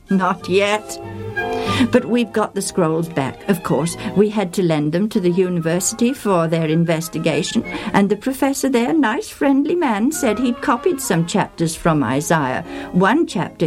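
A woman's voice: medium pitch, expressive, a little slow, darkish tone, faint music behind. A woman voicing an elderly male church bishop, indignant and exclaiming as he mocks others' opinions in a storybook reading. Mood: wry. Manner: exclaiming, mocking quoted opinions.

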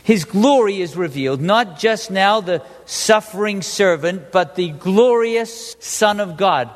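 A man with a high voice preaches a sermon with lively energy, quizzing his congregation as he goes. His voice carries a long reverb, as if he were recorded in a large hall. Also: measured pace. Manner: animated, asks the congregation questions.

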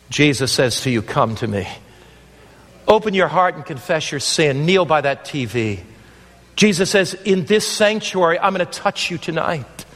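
High-voiced preacher man in a reverberant hall. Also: a bit bright. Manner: earnest, emphatic, repeats phrases. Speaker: pastor. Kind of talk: evangelistic sermon.

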